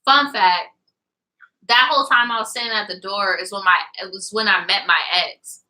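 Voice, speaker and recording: Bright-voiced young woman telling a wild story. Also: mid-range voice, rough recording. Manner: animated, profane, quotes people in rapid back-and-forth. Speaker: podcast co-host. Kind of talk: casual storytelling chat.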